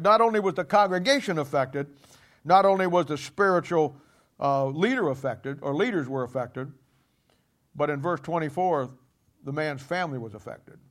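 A man preaching a sermon emphatically, voice dropping low and soft at the ends of points. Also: lively intonation, normal speed. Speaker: pastor.

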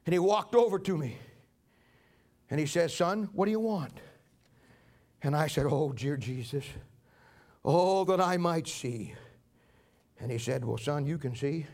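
A man's voice: on the high side, expressive, unhurried, long pauses, darkish tone, pitched below the performer's own voice. A man voicing an old blind beggar who is testifying with fervent joy. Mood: awed. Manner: fervent storytelling, crying out.

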